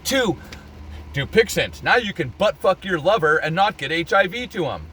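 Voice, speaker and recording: A man vents in a heated vlog rant, cursing often and getting openly worked up. His voice sits high and swings widely in pitch. The tone is bright and tense. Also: very animated, normal speed, a little hiss or hum. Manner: angry, profane, worked up. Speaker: vlogger. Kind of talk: heated opinion rant to camera.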